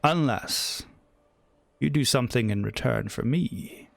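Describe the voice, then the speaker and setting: A man voicing a grim, haughty ancient djinni lord who speaks slowly and with scorn. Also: medium pitch, vocal fry, dry recording. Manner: slow, scornful and lordly.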